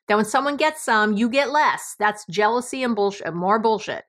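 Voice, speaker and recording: A woman's voice: fairly high pitch, normal speed, a bit bright. A middle-aged woman from New York with a New York accent, hosting a podcast in a blunt, emphatic monologue and swearing freely. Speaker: podcast host.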